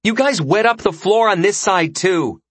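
A man's voice: a little high, lively intonation, slow pace, husky, no room sound, voice pushed up, full character voice. A man voicing a playful, somewhat insecure young woman in an audiobook, teasing and hesitant.

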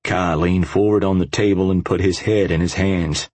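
A man's voice: low voice, fairly even intonation, moderate pace, darkish tone, no echo. A man narrating an audiobook in a gritty, profane first-person voice.

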